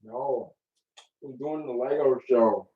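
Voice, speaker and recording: A man's voice: medium pitch, slow. A man co-hosting a casual live Q&A, chiming in with short questions and remarks. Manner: asks short questions, brief interjections. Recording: dull, lo-fi sound.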